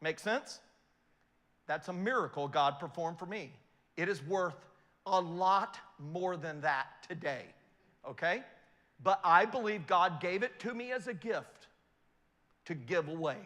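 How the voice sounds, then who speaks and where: A middle-aged man giving a motivational talk to an audience, an animated storyteller who keeps asking whether his points make sense. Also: high-pitched, unhurried, long pauses, big-room sound. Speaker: investment speaker.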